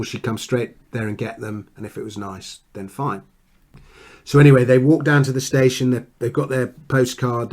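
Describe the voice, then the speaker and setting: Man telling a family story. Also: mid-range voice. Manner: warm anecdotal storytelling with frequent restarts. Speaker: guest. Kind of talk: storytelling in a podcast interview.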